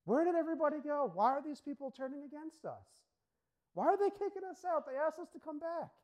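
A man doing a stunned, high-pitched apostle. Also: expressive, brisk, a little mellow. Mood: bewildered. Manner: rising, incredulous questions. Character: bewildered male apostle, stunned and pleading.

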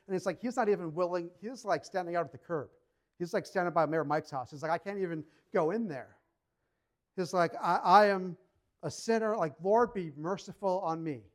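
High-voiced man preaching conversationally. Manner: conversational, acts out quoted voices. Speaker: pastor. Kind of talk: sermon.

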